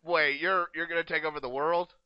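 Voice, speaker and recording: A man's voice: a little high, fairly even intonation, a little fast. An American man interviewing a guest in a casual, joking chat, laughing often as he riffs on bits. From United States. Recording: dry, dull lo-fi sound.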